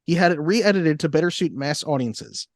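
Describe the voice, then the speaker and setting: A man's voice: a little high, animated, normal speed, dry recording. A man co-hosting a podcast, reading out facts and adding dry jokey asides. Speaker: podcast co-host. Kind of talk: casual chat, reading facts.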